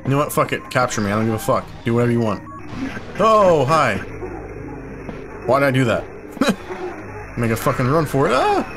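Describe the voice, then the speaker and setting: A young man commentating a horror game as he plays, frustrated and confused, swearing often and breaking into loud startled yelps. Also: mid-range voice, rapid-fire, few pauses. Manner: frustrated, swearing a lot, bursts of loud surprise. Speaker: gaming YouTuber. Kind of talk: let's play commentary. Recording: game music playing behind.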